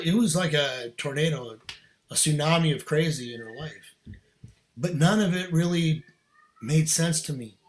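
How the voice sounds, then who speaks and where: Slightly high-voiced man telling a story. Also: moderate pace, slight background noise. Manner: earnest, animated storyteller who laughs between lines. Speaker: podcast guest. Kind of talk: casual storytelling.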